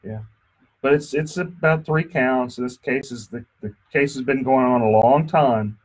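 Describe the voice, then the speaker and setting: A man's voice: medium pitch, unhurried, a little mellow, breathy edge. A man hosting a casual radio talk show from a studio, chatty and joking, often restarting his sentences. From Texas. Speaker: radio show host and insurance attorney.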